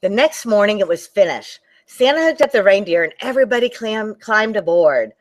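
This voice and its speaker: A woman librarian reading a picture book aloud to children, animated and talking to them directly. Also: medium pitch, moderate pace. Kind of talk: children's storytime read-aloud.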